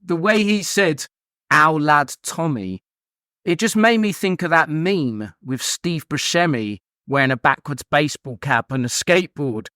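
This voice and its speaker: A man's voice: a little high, expressive, moderate pace, few pauses, a bit bright, no room sound, studio quality. A man talking casually on a podcast, chatty and full of "like" fillers. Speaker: podcast host. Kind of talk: casual chat.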